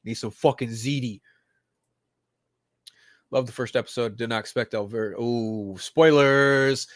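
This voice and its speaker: A man of middle pitch hosts a pop-culture show in a loose, foul-mouthed rant. He swings from mumbled asides to loud mocking jeers. The recording is close and dry, with no room sound. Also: unhurried, no echo. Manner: swears constantly, mock-crying outbursts and animated swings. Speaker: podcast host.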